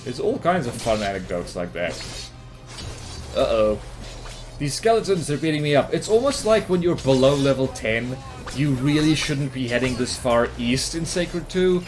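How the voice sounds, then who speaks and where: A man's voice: medium pitch, sing-song, normal speed, music in the background. A man from New Zealand with a New Zealand accent, giving rambling, self-mocking commentary over his gameplay. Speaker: gaming commentator.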